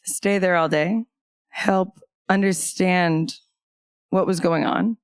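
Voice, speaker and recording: A woman's voice: on the low side, steady tone, slow pace, clean tone, dry recording. A woman guest on a podcast telling a personal story of loss in casual conversation, candid, with wry humor breaking through the grief.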